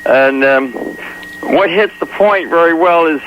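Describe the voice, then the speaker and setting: A man calling in to a talk radio show, halting and searching for words with many fillers. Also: a little high. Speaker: caller. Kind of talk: phone-in call. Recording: dull archival AM radio with faint hiss.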